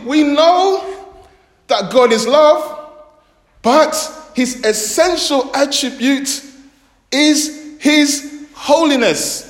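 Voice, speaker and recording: A man preaching a sermon in a church, speaking slowly and deliberately and stressing his points through repetition. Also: very high-pitched. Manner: slow, deliberate delivery with emphatic repetition. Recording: echoey church hall with long reverb.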